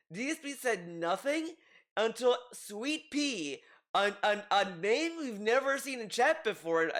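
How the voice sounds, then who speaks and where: A man's voice: sits high, a bit bright. Rambling male commentator. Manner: rambling, many restarts and asides. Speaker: commentary youtuber. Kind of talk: casual commentary.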